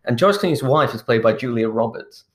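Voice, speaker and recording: A man chatting casually as he retells a film plot, his voice sitting at an ordinary middle pitch. He rambles along, trips over his words, and chuckles to himself as he goes. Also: expressive, brisk. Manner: rambling, restarts often, chuckles while telling.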